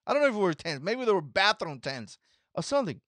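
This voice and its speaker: A man's voice: high-pitched, big pitch swings, quick pace, a bit bright. A man whose first language is not English, hosting an opinion commentary vlog in an emphatic, mocking way that repeats its points. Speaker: channel host.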